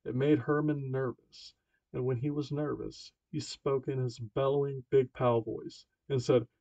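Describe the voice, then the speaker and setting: Male amateur narrator, gravelly fry, stumbles and self-corrects, dead-dry muffled sound. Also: mid-range voice, little pitch movement, unhurried, warm tone, no room sound. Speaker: amateur audiobook reader. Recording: dull dry lo-fi home recording.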